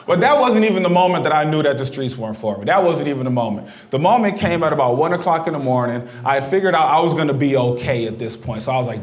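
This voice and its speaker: Animated male stand-up comic, roomy live sound. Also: sits high, a little fast, crowd noise. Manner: loud, animated storytelling with profanity. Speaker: stand-up comedian. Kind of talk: stand-up comedy set. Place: outdoor brewery stage before a laughing crowd.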